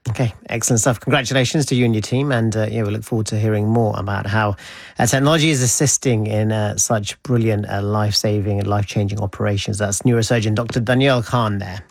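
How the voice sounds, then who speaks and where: A man presenting the news in a measured, formal way. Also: fairly low pitch, fairly even intonation, creaky, no echo. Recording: dry studio sound.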